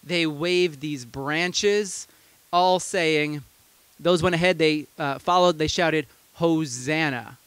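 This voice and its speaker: A man's voice: fairly high pitch, steady tone, slow pace, fairly bright tone, clear, resonant tone, no room sound. A man pastor preaching a sermon, retelling a story conversationally with amused asides.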